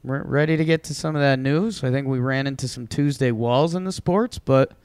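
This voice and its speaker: A man co-hosting a podcast, relaxed and easygoing, mostly giving short replies. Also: medium pitch, brisk, smooth, no echo. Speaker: podcast co-host. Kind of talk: casual chat.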